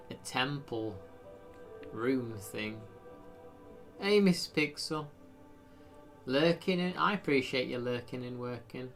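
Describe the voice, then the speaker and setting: A man's voice: medium pitch, lively intonation, slow, pauses often, fairly bright tone, soft background music. Rambling man streaming a game. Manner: rambling, self-deprecating, frequent fillers. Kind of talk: casual gameplay live stream.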